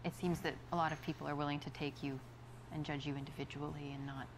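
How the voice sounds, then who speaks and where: A woman's voice: sits low, flat delivery, quick pace, background noise. An actress playing an unimpressed young woman being chatted up on a date, dry and blunt. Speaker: woman on a date in a dating video game.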